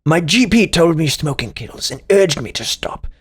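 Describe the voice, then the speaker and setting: A man voicing a pompous old British pipe-smoking gentleman in a raspy, theatrical reading. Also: fairly high pitch, big pitch swings, heavily acted. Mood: wistful. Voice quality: raspy, gravelly put-on voice. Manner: grandiose, theatrical, drawn-out reading. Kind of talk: mock reading of comments aloud.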